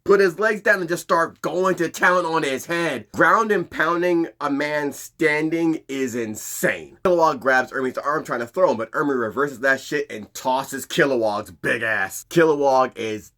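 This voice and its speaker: Brief: man, casual recap host, animated and profane, tense bright tone. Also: on the high side, unhurried, few pauses. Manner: animated, profane, hyped storytelling.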